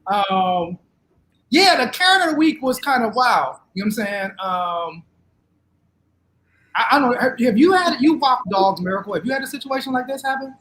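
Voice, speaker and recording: A man's voice: extremely high pitch, animated, normal speed, fairly bright tone, echoey room, poor audio. A man co-hosting a podcast, talking in a laid-back, joking way. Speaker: podcast co-host. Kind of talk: casual podcast chat.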